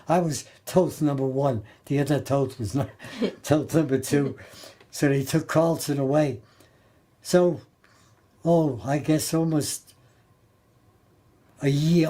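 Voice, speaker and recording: An older man recalling his time as a Navy sailor in a halting, plain-spoken way, often repeating and restarting his words. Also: fairly high pitch, warm tone. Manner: plain-spoken, colloquial grammar. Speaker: Navy veteran interviewee. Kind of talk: oral history storytelling.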